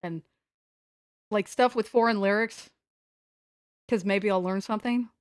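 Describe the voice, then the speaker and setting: A woman's voice: mid-range voice, unhurried, no room sound. Playful woman streamer, dry sound. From United States. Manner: rambling, playful, self-mocking. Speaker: live streamer. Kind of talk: casual livestream chat. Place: at home, sitting on the floor.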